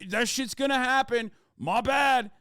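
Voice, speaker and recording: A man's voice: very high voice, unhurried, sharp tone, smooth, no echo, studio quality, pitched above the performer's own voice, exaggerated voice. A man putting on the voice of a callous, dismissive internet commenter, mocking and exaggerated. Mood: mocking shout.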